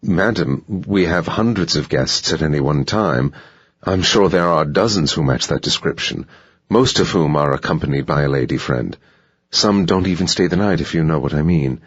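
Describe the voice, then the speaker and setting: A man's voice: deep voice, husky, dry recording, muffled recording. A man voicing a nervous, overly polite hotel manager.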